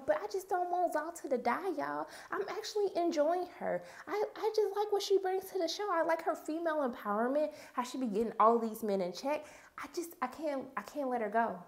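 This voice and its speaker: A woman's voice: high voice, a little fast. A young woman, casually recapping a TV episode and acting out the characters' lines. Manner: animated storyteller, acts out characters' lines. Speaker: TV review vlogger.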